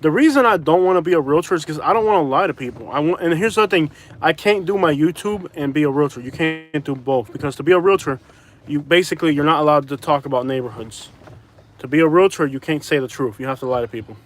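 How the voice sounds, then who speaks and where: Chatty guy from florida vlogging in his car, rambles a lot, kinda higher voice. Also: fast, slight background noise. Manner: rambling, digressive, talks to chat and passenger. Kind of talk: casual chat while driving.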